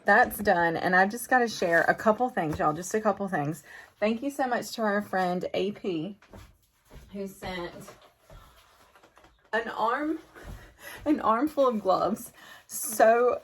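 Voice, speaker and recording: A middle-aged woman vlogging about farm family life, chatting casually and heartfelt with viewers. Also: medium pitch. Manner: chatty and heartfelt, drifts into emotion. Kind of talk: casual vlog chat to viewers.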